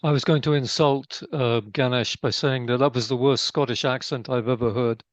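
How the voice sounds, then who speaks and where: Mid-pitched male panelist, dry teasing manner, muffled dry recording. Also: steady tone, moderate pace, no echo. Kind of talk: casual interview. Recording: dull, dry sound.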